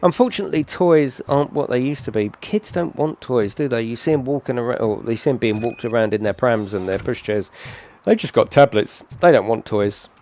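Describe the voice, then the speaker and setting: A man's voice: mid-range voice, brisk, few pauses, darkish tone, slight background noise. A middle-aged man giving casual, rambling game commentary full of tag questions. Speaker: gaming channel host.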